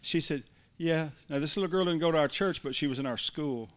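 A middle-aged man preaching, telling a folksy personal story from the pulpit with restarts and warm asides. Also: fairly high pitch, brisk. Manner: folksy, building to excited shouts. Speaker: pastor. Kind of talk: sermon storytelling.

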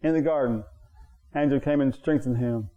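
A man preaching a sermon to his congregation, repeating phrases for emphasis and jumping up in pitch on his key points. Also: normal speed, phone-quality sound. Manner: talks straight to the congregation. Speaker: pastor.

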